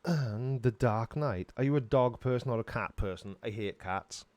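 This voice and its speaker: A man's voice: medium pitch, moderate pace, darkish tone, dry recording. A middle-aged man, casually answering viewers' questions on a live stream in a dry, sarcastic way. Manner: dry, sarcastic, self-mocking.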